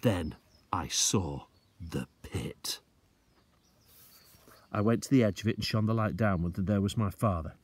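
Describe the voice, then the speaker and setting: Male teacher narrating a children's novel; low, breathy, lively delivery that slows for suspense. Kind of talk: reading a children's book aloud.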